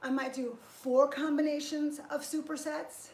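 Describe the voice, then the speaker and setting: A woman's voice: sits high, level tone, a little slow, darkish tone. A woman fitness trainer talking through a live workout, chatty and encouraging as she exercises. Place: indoor workout space. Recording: echoey room with faint noise.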